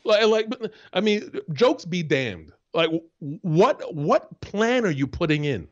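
A man's voice: high-pitched, very animated, measured pace, dull audio. A man who once played pro football, co-hosting a casual sports talk show in an emphatic, profane way. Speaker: co-host, former football player.

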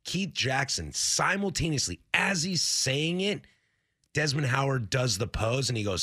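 A man in his thirties hosting a casual sports talk show, telling animated stories and slipping into quick impressions. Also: mid-range voice. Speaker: sports radio host.

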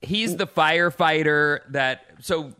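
Slow and clean in tone, this fairly high-pitched middle-aged man co-hosts a laid-back podcast conversation. His stories ramble animatedly, packed with restarts and side comments.

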